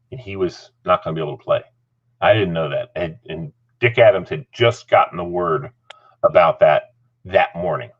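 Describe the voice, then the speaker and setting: A middle-aged man with a low voice hosts a casual chat on a lo-fi recording. He tells a story animatedly, laughing a lot and acting out voices.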